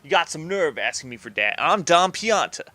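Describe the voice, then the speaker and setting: A man voicing a gruff, bossy male mob boss from a video game in a put-on New York Italian accent, with tough, blunt threats. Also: fairly high pitch, sing-song, moderate pace, sharp tone, soft background music. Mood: menacing. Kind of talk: reading game dialogue aloud in voices.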